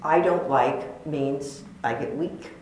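A low-pitched woman answers a student's spiritual question, playful yet thoughtful, trailing into fillers as she searches for words. Her voice rings through a very echoey hall with a faint hiss underneath. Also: slow, darkish tone. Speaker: spiritual teacher. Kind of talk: dharma talk Q&A.

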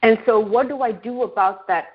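Woman co-hosting, thoughtful, bit high voice, dull lo-fi sound. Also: moderate pace. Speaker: co-host. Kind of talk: reflective talk show.

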